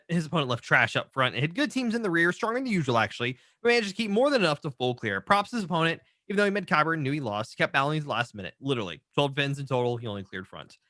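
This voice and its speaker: Man, co-host, lively pitch, bright tone, joking and teasing, dry sound. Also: racing, hardly any pauses, no echo. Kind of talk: casual game-stats show chat.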